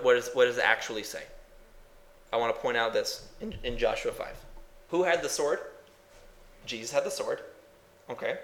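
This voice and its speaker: A man's voice: mid-range voice, a bit bright, echoey room. A man preaching a sermon in a folksy, emphatic way. He asks the congregation questions and then answers them himself. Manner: folksy, says "ain't", builds to emphatic bursts.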